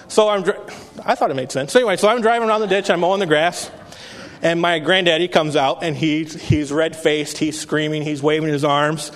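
Male pastor, 30s, earnest conversational preaching, slightly high voice, hall reverb. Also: a little fast. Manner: conversational, earnest, with frequent restarts. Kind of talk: sermon. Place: church sanctuary.

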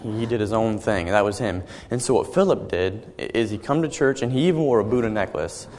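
A young man giving an earnest personal testimony as a sermon, halting and often repeating his words. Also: on the low side, darkish tone, in a large hall, a little hiss or hum. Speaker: young preacher.

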